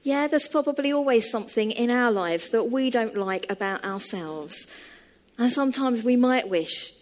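A woman preaching a sermon and telling a story in a measured, storytelling manner. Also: a little high, lively intonation.

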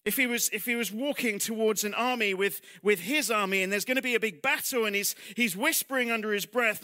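A man's voice: high voice, brisk, few pauses, bright, forceful tone. A man preaching a sermon in church, talking conversationally with rhetorical questions and self-deprecating asides, dropping almost to a whisper on heavy lines.

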